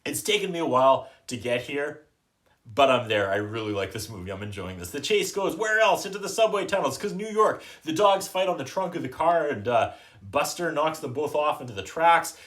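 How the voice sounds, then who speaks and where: A man hosting a podcast, recapping a movie in a casual, sarcastic way, often trailing off softly at the end of a thought. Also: a little high, very animated. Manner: dry, joking, quotes characters in quick put-on voices. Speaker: podcast host reviewing a movie.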